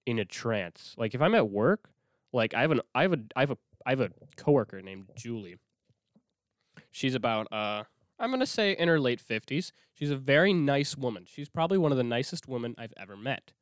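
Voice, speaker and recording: A young man talks into his mic in a loose, profane solo podcast rant, often stopping and restarting his sentences. His pitch swings widely as he goes. The sound is close and dry, with no room around it. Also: no room sound. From Minnesota. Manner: rambling, profane, self-interrupting. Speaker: podcast host.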